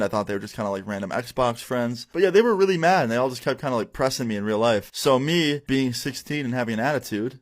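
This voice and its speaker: Laid-back young man telling a story. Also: mid-range voice. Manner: laid-back, slangy, acts out quoted voices. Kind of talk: casual story time narration.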